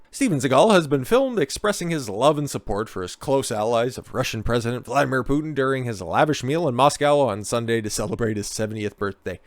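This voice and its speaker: A man's voice: medium pitch, expressive, a little fast, few pauses, no echo. A man giving sarcastic, profane commentary on news clips, mocking them with frequent asides. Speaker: political commentator.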